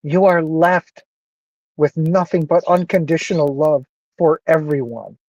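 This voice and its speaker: Earnest man with a dark, emotional voice. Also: on the high side, steady tone, a little slow, no echo, muffled recording. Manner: earnest, emotional, repeats himself. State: emotional, close to tears. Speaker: vlogger. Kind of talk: emotional personal monologue.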